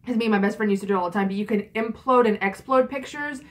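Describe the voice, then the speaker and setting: A woman's voice: medium pitch, racing. A young woman in her twenties telling a story in a casual vlog, chatty and frank, with lots of fillers and swearing. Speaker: vlogger.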